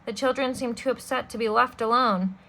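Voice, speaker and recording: A woman plays a scheming man in disguise who speaks in a high, fluttery voice. He sounds oily and falsely polite, and his bright tone rises whenever he feigns sorrow. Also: fairly quick. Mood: sly. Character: scheming male villain faking grief.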